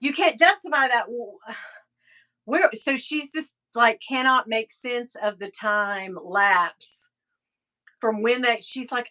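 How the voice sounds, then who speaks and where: A woman's voice: a little high, lively intonation, measured pace, bright, forceful tone. A middle-aged woman hosting a live stream, chatting casually, telling stories and reading out viewer comments. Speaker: livestream host.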